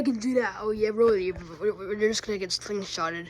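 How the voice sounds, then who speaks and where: A woman's voice: mid-range voice, moderate pace. A woman playing out scenes with plush toys, playfully switching between character voices and asides to viewers. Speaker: plush toy video maker.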